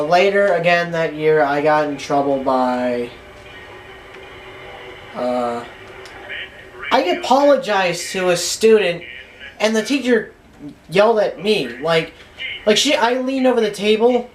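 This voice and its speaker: A gameplay commentator telling a rambling, animated story while playing, acting out quotes in a raised voice. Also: medium pitch, a little hiss or hum. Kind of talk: casual storytelling over gameplay.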